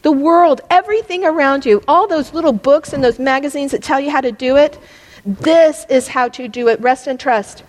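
High-voiced woman preaching in a reverberant hall. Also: normal speed. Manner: impassioned, rising to near-yelling at peaks. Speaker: Bible study teacher. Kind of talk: preaching a Bible lesson.

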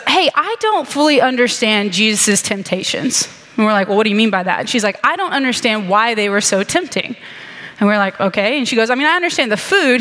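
A woman's voice: on the high side, sharp tone. A middle-aged woman preaching a sermon in a chatty, self-mocking way, with joking asides to her audience. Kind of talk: sermon with humorous stories. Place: large hall with an audience. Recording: reverberant hall.

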